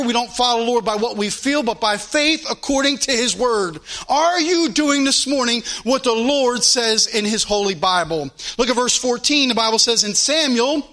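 A male pastor delivers a fervent sermon in a strikingly high voice, quoting scripture in its old-style wording. His tone is bright and ringing.

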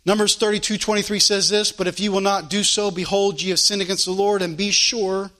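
Guy preaching hard, really high bright voice, quotes scripture like the old bible, fired up pastor. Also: flat delivery, brisk. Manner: fervent preaching, quoting scripture in old-style wording. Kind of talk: sermon.

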